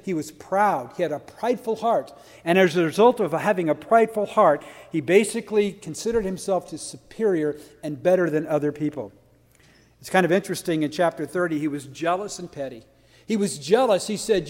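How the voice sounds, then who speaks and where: A man's voice: sits high, lively intonation, moderate pace, darkish tone, in a large hall. A man preaching a sermon, earnest and emphatic, stumbling into restarts and asking rhetorical questions.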